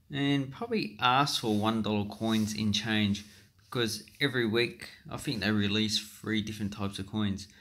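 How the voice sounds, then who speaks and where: A man's voice: medium pitch, sharp tone. An Australian man giving rambling, chatty commentary over a screen recording, with frequent ums and self-corrections. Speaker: coin collecting YouTuber.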